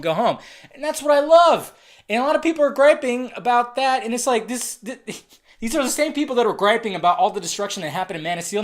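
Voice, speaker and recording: Male trailer reviewer, casual and excitable, swears a lot, thinks out loud. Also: high-pitched. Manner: excitable, profane, rambling speculation. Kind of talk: casual video commentary.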